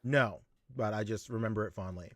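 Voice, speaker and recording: A man's voice: fairly low pitch, fairly quick, no echo, studio quality. A man co-hosting a podcast, giggly and playful in casual chat. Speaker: podcast co-host.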